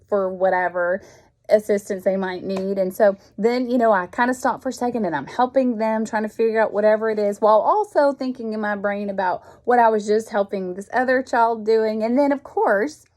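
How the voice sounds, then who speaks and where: A woman's voice: mid-range voice, darkish tone. A woman, reading and explaining a Bible passage in a folksy, conversational way. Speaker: Bible teacher. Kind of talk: informal devotional teaching.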